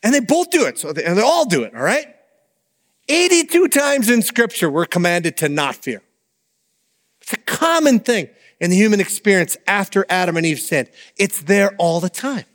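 A man preaching a sermon in an animated, conversational way, with asides to the congregation. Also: sits high, normal speed, in a large hall. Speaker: pastor.

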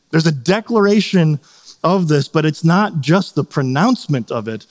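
A middle-aged man preaching in a loose, conversational way, with a voice sitting a little high for a man. He keeps checking in with his listeners and slips into quick acted-out scenes. The sound carries a long, hall-like reverb. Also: animated, a little mellow. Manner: conversational, asks "right?" often, acts out quotes. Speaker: pastor. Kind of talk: sermon.

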